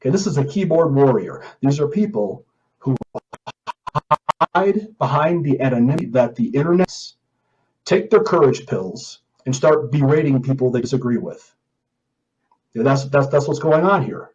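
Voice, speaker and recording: A man's voice: medium pitch, animated, normal speed, long pauses, a little mellow, dull audio, faint music behind. A man hosting an opinion podcast, talking in an indignant, emphatic way and reading out comments. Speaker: podcast host.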